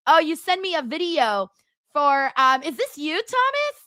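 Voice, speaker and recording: A woman's voice: sits high, very animated, a little slow, bright, forceful tone, no echo, studio quality. A woman hosting a live watchalong stream, chatting bluntly with her viewers in a casual, rambling way. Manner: chatty, blunt, full of fillers and asides to chat. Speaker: livestream host.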